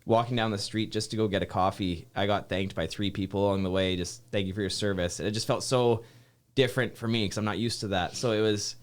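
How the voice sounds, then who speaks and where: A man's voice: lowish voice, steady tone, quick pace, smooth. A man from Saskatchewan, a soldier guest chatting casually in a rambling way and acting out quotes. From Saskatchewan, Canada. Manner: rambling, filler-heavy, acts out quotes. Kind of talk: casual interview chat.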